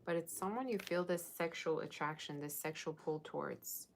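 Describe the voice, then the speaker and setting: A woman's voice: deep voice, moderate pace, creaky, a little hiss or hum. A woman casually talking through a tarot reading, chatty and loose with slang. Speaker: tarot reader.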